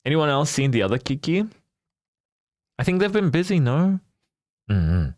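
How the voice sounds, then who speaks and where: A man's voice: on the high side, sing-song, normal speed, a little mellow, no echo, studio quality. A young man live-streaming a game, chatting casually and animatedly with his viewers and laughing often.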